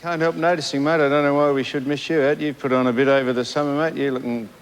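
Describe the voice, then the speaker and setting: A man's voice: a little high, level tone, fast talker, smooth. Teasing Australian man on a TV panel. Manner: teasing, ribbing the others. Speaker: co-host. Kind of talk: banter on a TV panel show. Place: TV studio.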